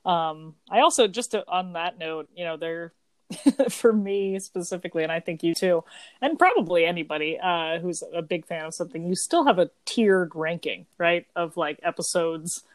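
A woman's voice: on the low side, normal speed, dry recording. A woman in her thirties, co-hosting a podcast, chatting at length in a rambling, think-aloud way. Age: 30s. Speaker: podcast co-host. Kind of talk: casual chat.

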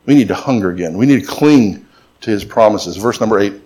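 A man's voice: lowish voice, expressive, brisk, darkish tone. A middle-aged man preaching a sermon as pastor, mixing emphatic repetition with joking stories.

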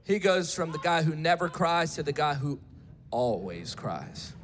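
A male preacher giving an impassioned sermon, swinging between shouted appeals and hushed storytelling. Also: a little high, sing-song, unhurried, big-room sound.

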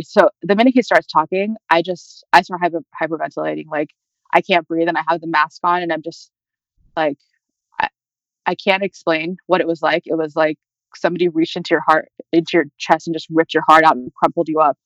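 A young woman tells her own story as an interview guest, speaking quickly and filling her sentences with casual fillers. The recording is dull and lo-fi, with a dry sound and no room echo. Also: sits low, fairly even intonation, fairly bright tone. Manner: chatty, many fillers like "like" and "you know". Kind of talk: personal storytelling.

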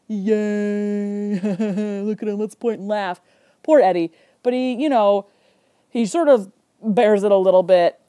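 Woman podcast host, young adult, snarky animated recap; mellow tone, dry close mic. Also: medium pitch, dry recording. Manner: sarcastic, animated storytelling with asides. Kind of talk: casual movie recap.

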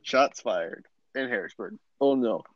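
A man's voice: medium pitch, lively intonation, unhurried. Playful young man interviewing on a podcast. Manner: amused, playful, laughs often. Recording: dry dull lo-fi recording.

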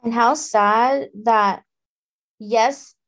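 A woman co-hosting a casual book podcast, animated and indignant, thinking out loud with lots of "like". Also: fairly high pitch, very slow. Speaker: podcast co-host.

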